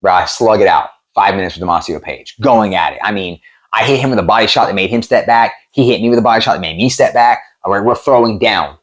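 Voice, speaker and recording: A man in his thirties with a fairly low voice tells rough gym stories from his fighting days. He swears freely and jumps into the voices of the people he quotes. It sounds like a relaxed sit-down interview. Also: fast. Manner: animated, profane, acts out quotes. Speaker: MMA promoter and former fighter, guest. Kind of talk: casual storytelling interview.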